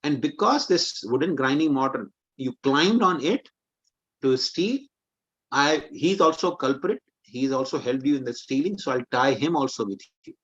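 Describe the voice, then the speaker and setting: A man's voice: medium pitch, animated, normal speed, fairly bright tone, slightly rough, dull audio. A man playing a stern scolding mother. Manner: firm scolding. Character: stern but loving mother scolding her son.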